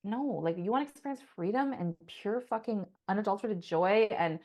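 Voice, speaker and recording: A woman's voice: medium pitch, animated, normal speed, darkish tone. A woman co-hosting a podcast, talking in a passionate, rambling way, swearing often and saying "like" a lot. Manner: passionate, profane, rambling with many "like"s. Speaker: podcast co-host. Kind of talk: casual podcast monologue.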